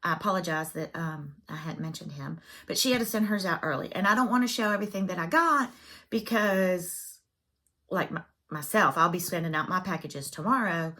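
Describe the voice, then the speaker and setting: A woman's voice: on the low side, normal speed, sharp tone. A woman chatting casually as a cross-stitch vlogger, self-deprecating and full of fillers. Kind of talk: casual chat.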